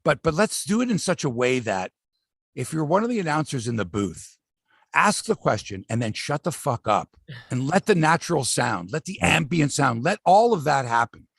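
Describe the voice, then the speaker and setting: A middle-aged man hosts a sports talk show, swearing freely and acting out what players said. His voice is gravelly and husky, and his pitch swings a lot. The sound is close and dry. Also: normal speed, no room sound. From Canada. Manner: animated, profane, acts out quotes from players. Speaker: sports podcast host. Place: outdoor studio by a lake.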